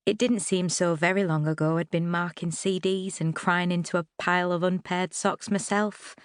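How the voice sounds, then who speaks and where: A woman narrating a first-person novel for an audiobook, expressive and wry, close to the mic. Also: fairly low pitch, normal speed, clear, resonant tone, no room sound. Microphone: close studio mic.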